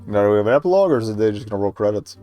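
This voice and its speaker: A man's voice: animated, rapid-fire, dull audio, faint music behind. A man streaming a point-and-click game, reading its dialogue aloud in a casual, murmured way and swearing now and then. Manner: casual, swears, reads lines in a low murmur.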